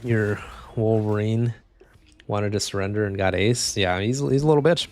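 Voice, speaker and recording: A man's voice: fairly low pitch, animated, fairly quick, creaky, darkish tone, soft background music. A young man talking casually while playing a video game, joking, rambling and swearing freely. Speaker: gaming streamer. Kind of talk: casual gameplay commentary.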